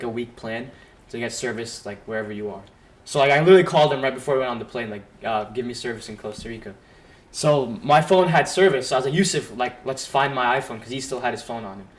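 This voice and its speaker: A young man telling a story on a casual podcast, rambling with lots of fillers and acted-out quotes from his friends. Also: mid-range voice.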